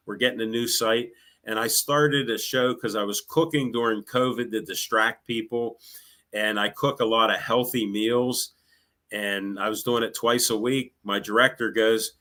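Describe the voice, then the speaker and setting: A man's voice: fairly low pitch, steady tone, moderate pace, pushed and bright. Chatty sarcastic man. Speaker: guest, local show host. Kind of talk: casual chat.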